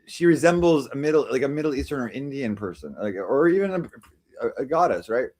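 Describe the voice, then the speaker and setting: A male streamer talks loosely to his chat from a desk mic, rambling and teasing as he hops between jokes and comments. His pitch swings widely up and down, though his voice sits in an ordinary middle range. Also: expressive, a little fast, a little mellow. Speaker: live stream host. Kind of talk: casual live-stream chat reading comments.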